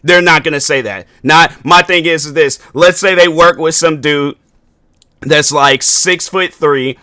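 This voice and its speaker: Young male podcast host, casual solo rant, a touch high, very dry close sound. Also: measured pace, bright, forceful tone, no room sound. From Washington, US. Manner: loose, conversational, repeats and restarts often.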